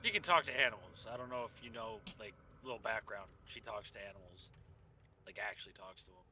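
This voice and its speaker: A man's voice: lowish voice, brisk, pushed and bright, slight background noise. A man playing a tabletop game, chatting casually and joking. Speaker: player.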